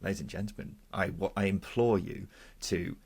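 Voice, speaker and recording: Jokey English podcast host, husky low voice. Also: male voice, fairly even intonation, normal speed, darkish tone. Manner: jokey, upbeat presenter who reads out listener comments. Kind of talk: casual football podcast chat.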